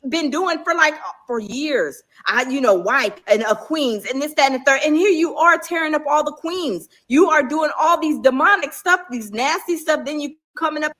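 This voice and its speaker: A woman co-hosting a casual reaction show, animated and speaking straight to the audience. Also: sits high, normal speed, hardly any pauses. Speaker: co-host.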